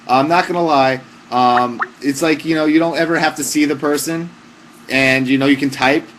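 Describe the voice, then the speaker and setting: A young man hosting a live stream, handing out mock-serious joke advice in a casual, deadpan way with lots of fillers. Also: a little high, normal speed, slight background noise. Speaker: livestream host giving joke advice. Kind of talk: casual comic livestream chat.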